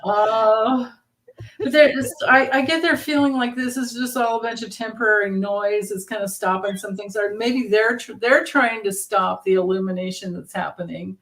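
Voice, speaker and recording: A woman's voice: medium pitch, steady tone, normal speed, a bit bright. A woman doing a tarot reading livestream, chatting casually, laughing often, and reading out viewers' comments. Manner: giggly, reads out chat comments. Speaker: tarot reader.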